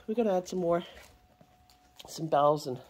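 A woman's voice: on the low side, normal speed, heavy background noise. A woman breeder narrating a casual vlog, switching between plain explanation and sing-song baby talk to her puppies. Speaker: dog breeder.

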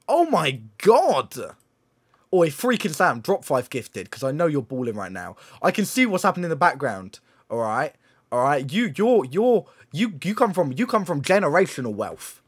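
A young man, live-streaming and teasing viewers in excitable, joking banter. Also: a little high, husky. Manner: teasing, excitable, swears and laughs often. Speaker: livestreamer. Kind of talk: casual live-stream commentary.

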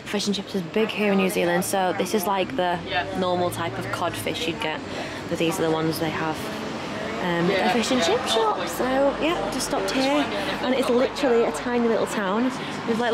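A young British woman vlogging her travels in a bubbly, excitable way, often laughing. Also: medium pitch. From Britain. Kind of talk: casual travel vlog.

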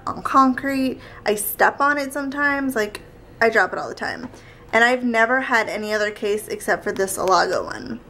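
A young woman vlogging in casual chat, talkative and quick to argue. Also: fairly high pitch, fairly bright tone, a little hiss or hum. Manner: chatty, argumentative, quick back-and-forth.

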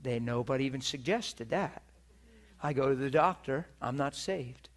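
A middle-aged man preaching, telling a personal story with animated delivery, acting out voices and laughing often. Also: mid-range voice, normal speed. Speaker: preacher teaching on healing. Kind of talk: sermon storytelling. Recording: live teaching session, room mic.

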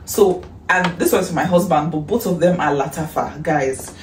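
A woman with a Nigerian accent chatting in a casual haul vlog, excitable and gushing, breaking into shrieks and breathy exclamations. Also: sits low, moderate pace. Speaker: vlogger. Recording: echoey room, distant mic, faint hiss.

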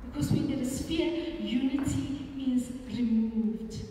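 A South African woman preaching a sermon as a pastor, animated and repeating phrases for emphasis. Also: fairly high pitch, a little slow. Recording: echoey hall from far off, faint room noise.

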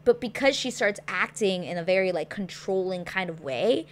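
A young woman hosting a casual show recap, chatty and animated, with plenty of filler words. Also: mid-range voice, normal speed, a little hiss or hum. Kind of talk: casual chat.

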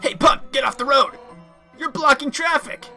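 Man putting on a high loud tough monster policewoman, brash game cop. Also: animated, moderate pace, soft background music, heavily acted. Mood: shouting. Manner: shouting, tough-talking.

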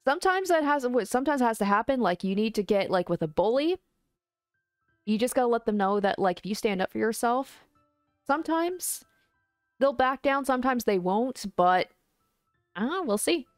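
A woman's voice: a little high, lively intonation, moderate pace, clean tone, dry recording, faint music behind. A woman reading a visual novel aloud and reacting casually between passages, with exclamations and musing asides. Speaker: let's play host.

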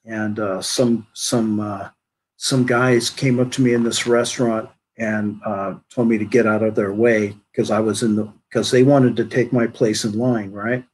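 A man being interviewed as a guest musician, telling stories in a casual, animated way with frequent fillers. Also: on the low side, unhurried, a little hiss or hum. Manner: animated storyteller, frequent "you know". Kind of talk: casual conversation.

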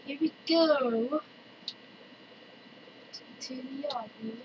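High-voiced woman narrating her gameplay. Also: takes it slowly, lo-fi sound. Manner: chatty, excitable, talks to other players. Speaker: let's-play gamer. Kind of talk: casual gameplay commentary. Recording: distant mic with loud noise.

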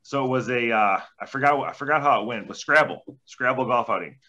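A man's voice: medium pitch, brisk, bright, forceful tone. A man in his forties, a former hockey player, telling rambling, profane anecdotes as a podcast guest. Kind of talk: casual storytelling. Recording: dull lo-fi sound.

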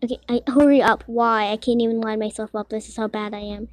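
Girl gamer muttering and ranting at her game, fairly high voice, giggly, gets worked up fast. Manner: excitable, quick to frustration, giggly, talks to herself. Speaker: gamer playing a Roblox game. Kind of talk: casual let's-play commentary.

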